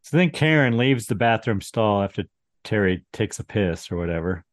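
A podcast co-host retells a film's plot in a dry, wry, casual movie recap chat. His voice runs on the low side and sounds animated, moving at a moderate pace, with no room sound.

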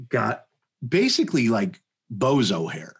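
Man, husky voice, casual storytelling, animated, lots of fillers. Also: medium pitch, measured pace. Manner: animated, full of fillers and restarts, laughing while telling. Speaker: podcast guest.

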